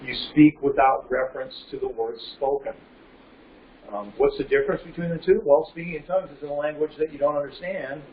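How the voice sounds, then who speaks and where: Teaching a sermon verse by verse, a man with a voice on the high side reads the Bible slowly and with care, asking his audience questions before supplying the answers. The lo-fi, muffled recording places him at a distance in a large, reverberant room with a low ambient hum.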